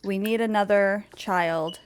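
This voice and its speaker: A woman's voice: mid-range voice, steady tone, a little slow, background noise. A young woman telling a life-sim game story in a chatty way, giggling and cutting herself off. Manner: chatty, giggly, self-interrupting. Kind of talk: casual narrated gameplay storytelling.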